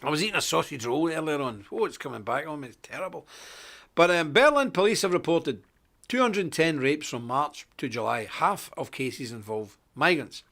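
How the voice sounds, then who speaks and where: A man's voice: expressive, moderate pace, creaky, a bit bright. Chatty man hosting a live stream. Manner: chatty, greets viewers by name, jumps up in pitch when emphatic. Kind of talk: casual live commentary.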